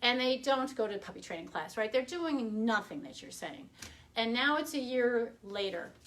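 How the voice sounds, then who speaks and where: A middle-aged woman veterinarian with a fairly high voice talks straight to her live-stream viewers. She tells clinic stories in a plain, direct way, with a few fillers and restarts along the way. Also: sing-song, moderate pace, a bit bright. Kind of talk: casual live-stream talk. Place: home or office, streaming live.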